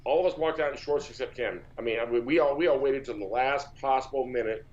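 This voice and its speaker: A man's voice: mid-range voice, fast, darkish tone, highs cut off, slight background noise. A man from Texas, a powerlifter, telling long casual stories in an interview, with many false starts and repeats. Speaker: powerlifter guest.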